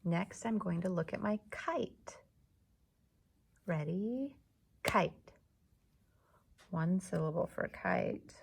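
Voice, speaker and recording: A woman teacher speaks slowly and patiently to young children, clapping out the syllables of each word. Her voice has a strong gravelly fry and a husky edge. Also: fairly low pitch, expressive, a little mellow. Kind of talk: classroom lesson for young children.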